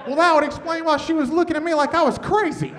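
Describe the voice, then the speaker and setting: A man performing a stand-up comedy set on stage, deadpan, with muttered asides. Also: very high voice, quick pace. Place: comedy stage with laughing audience. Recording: noisy stage recording.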